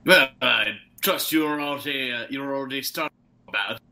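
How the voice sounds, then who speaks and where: A man's voice: medium pitch, normal speed, gravelly, sharp tone. A man playing a tabletop game, talking in character in a playful, polite way. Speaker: player.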